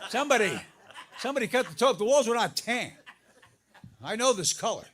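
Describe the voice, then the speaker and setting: A middle-aged man doing a stand-up comedy set, telling stories about his marriage, his voice jumping up high for the punchlines. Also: fairly quick. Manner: animated storytelling, voice jumps up for punchlines. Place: live comedy venue with audience laughter.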